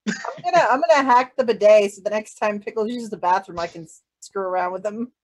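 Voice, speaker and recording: A woman's voice: mid-range voice, fairly quick, very noisy. A woman playing in a tabletop game, making dry, teasing remarks. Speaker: player. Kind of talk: tabletop role-play chat.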